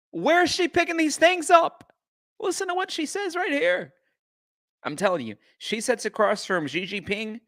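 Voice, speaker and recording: A man's voice: sits high, bright, forceful tone. A man hosting a live-stream reaction commentary, incredulous and mocking.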